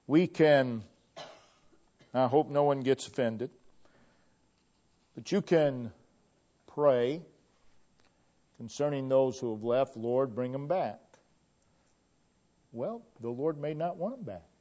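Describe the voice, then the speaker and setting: A middle-aged pastor preaching a sermon in an earnest way, repeating key phrases, swelling to emphatic peaks and then dropping low. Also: male voice, expressive, takes it slowly, long pauses, dark tone. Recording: dull lo-fi church recording.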